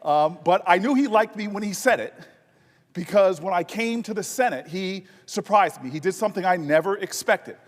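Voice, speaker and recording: A man giving an animated, humorous floor speech as a senator, telling anecdotes in a large legislative chamber. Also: high-pitched, normal speed. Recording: long reverb of a large chamber.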